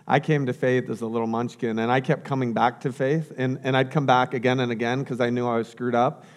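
A man's voice: medium pitch, little pitch movement, a little fast. A man preaching as a pastor, earnest and repeating key phrases, then closing in prayer.

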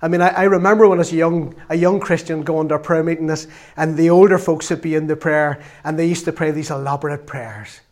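A man giving a conversational, self-deprecating sermon in a church, slowing down and getting louder when he reads scripture. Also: fairly high pitch, steady tone. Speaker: preacher.

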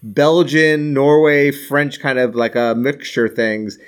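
A man's voice: mid-range voice, flat delivery, takes it slowly, smooth. A man co-hosting a podcast in casual chat, rambling and restarting his sentences, chuckling as he goes. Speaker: podcast co-host.

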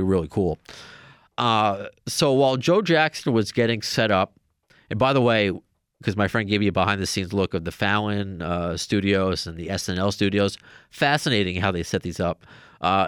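A man's voice: fairly low pitch, clean tone, no room sound, studio quality. A man hosting a podcast, telling a long story in a casual, rambling way with many restarts. Now and then he raises his voice to act out what others said. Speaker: podcast host.

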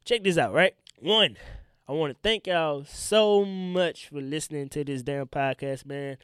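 A man's voice: a little high, a little slow, smooth, dry recording, studio quality. Congested man hosting a slangy podcast. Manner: loose, slangy and animated, addressing listeners directly. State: congested, throat giving out. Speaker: podcast host. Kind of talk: casual solo podcast talk.

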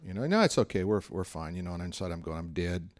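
A man's voice: sits low, flat delivery, fast, a little mellow. A middle-aged man preaching a sermon in a conversational, storytelling way, acting out the voices of people he quotes. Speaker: pastor.

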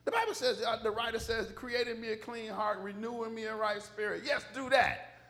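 A man's voice: very high-pitched, fairly quick, a bit bright. A man preaching a sermon in a church, emphatic and joking, driving call-and-response with the congregation. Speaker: pastor.

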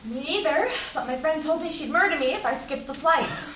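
A woman's voice: high-pitched, expressive, a little fast, a bit bright, slight background noise. A woman reading the part of an anxious, wry young woman at a live reading. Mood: nervous. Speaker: reader in a live screenplay reading. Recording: echoey room, far from the mic.

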